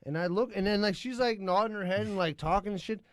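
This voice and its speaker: A man co-hosting a podcast, telling a profane, animated story in casual chat. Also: sits high, quick pace, dry recording, clean studio sound. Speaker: podcast co-host.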